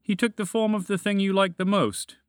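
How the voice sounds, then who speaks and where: A man voicing a calm, matter-of-fact orange dragon with a gentle, shrugging manner in a storybook reading. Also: high voice, a little fast, clean tone, no echo, clean studio sound, voice pushed up, natural voice. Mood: wry.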